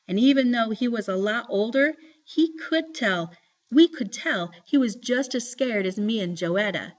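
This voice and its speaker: A woman reading a novel aloud in an expressive, steady storytelling voice. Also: mid-range voice. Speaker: reader. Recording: slightly dull lo-fi recording.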